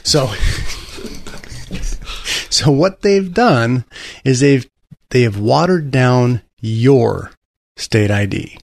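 A man's voice: mid-range voice, animated, extremely slow, gravelly, long pauses. A man hosting a talk radio show, rambling and sarcastic, with frequent restarts. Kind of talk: casual political talk radio.

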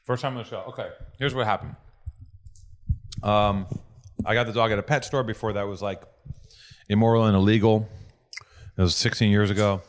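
A man's voice: lowish voice, steady tone, normal speed, pauses often. A man hosting a podcast, telling rambling, profane stories in casual chat. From Los Angeles. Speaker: podcast host.

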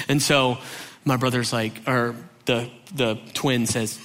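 A man from Georgia, USA, telling a funny childhood story, acting out the quotes with big jumps in his voice. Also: normal speed. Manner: animated, acts out quotes with big pitch jumps. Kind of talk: comic storytelling. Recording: long hall reverb.

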